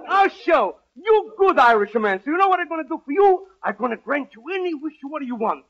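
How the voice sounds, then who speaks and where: A squeaky wish-granting sprite. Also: male voice, very animated, a little fast, heavily acted. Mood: chirpy. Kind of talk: 1940s radio comedy acting. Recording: dull 1940s radio broadcast.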